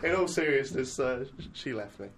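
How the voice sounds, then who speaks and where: A man's voice: medium pitch, lively intonation, brisk, a crowd in the background. A young man hosting a radio show, laughing and swearing freely in casual banter.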